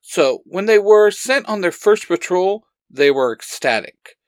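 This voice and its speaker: A man narrating a fan story with earnest storytelling, slipping into the lines of his characters. His voice is fairly high for a man, recorded dry and close. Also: lively intonation, measured pace, dry recording. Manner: earnest storytelling, acting out dialogue. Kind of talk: reading fan fiction aloud.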